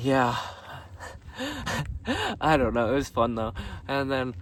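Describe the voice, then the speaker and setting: Lively, laughing man outdoors. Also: medium pitch, slow. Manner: laughs often, swears casually. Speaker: vlogger dressed as a jester. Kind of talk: casual rambling recap of his day. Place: outdoors on a gravel road. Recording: distant mic with faint outdoor noise.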